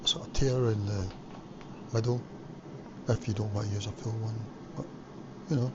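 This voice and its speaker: A Scottish man vlogs casually while cooking in his home kitchen, rambling with plenty of fillers. His voice is fairly low and steady, at a normal speed, in a lo-fi home recording with background noise.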